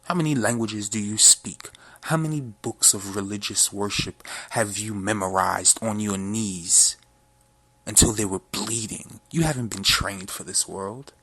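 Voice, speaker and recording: A man's voice: fairly low pitch, unhurried, sharp tone, dry recording. A man vlogger delivering a confrontational, profane, preachy rant to his viewers. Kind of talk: ranting monologue.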